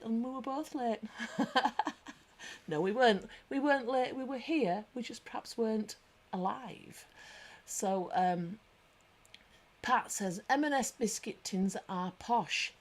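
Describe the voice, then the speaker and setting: Chatty British woman hosting a livestream. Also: on the high side. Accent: British English. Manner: chatty, bantering, reads comments aloud; lively anecdotal storyteller. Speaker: livestream host. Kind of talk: casual live chat.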